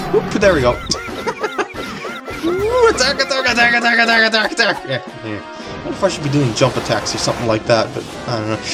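A video game commentator talking casually through a playthrough, excitable and giggling often, over game music. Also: medium pitch. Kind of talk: casual let's-play commentary.

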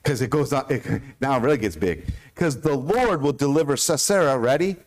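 A man with an American accent preaching a sermon as pastor, animated, with questions to the congregation. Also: medium pitch, normal speed. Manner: animated, asks the congregation questions, stumbles over hard names.

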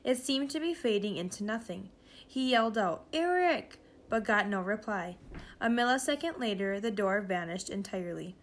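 A woman reading a children's novel aloud in a steady, expressive storytelling way. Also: mid-range voice, moderate pace. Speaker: reader.

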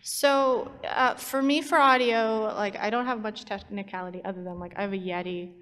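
A woman's voice: medium pitch, fairly even intonation, normal speed, a bit bright, clean tone. A woman chatting casually on a convention panel as a YouTube storyteller. She is chatty and giggly, with many fillers and restarts. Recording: long hall reverb from a convention panel.

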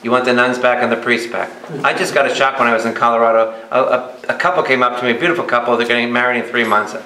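A man who is a priest teaching a Bible study. He talks in a lively way and keeps asking his audience questions. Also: medium pitch, fast. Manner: animated, asks the audience many questions. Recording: echoey hall with faint noise.

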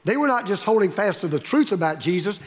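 High-voiced man preaching in a hall. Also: expressive, quick pace. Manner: emphatic, repetitive preaching with rising stresses. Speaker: pastor. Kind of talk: sermon. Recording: long reverb of a large hall.

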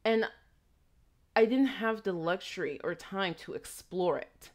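A woman with a mid-range voice speaks at a measured pace, chatting casually and reflectively in a vlog. An immigrant raised in Texas, she carries a slight trace of a foreign accent and rambles through asides and questions.

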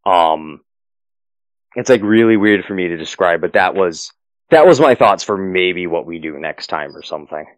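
Low-voiced rambling male game master. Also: animated, moderate pace, dry recording, poor audio. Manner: rambling, with many fillers and restarts. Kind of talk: narrating a tabletop game, then casual chat.

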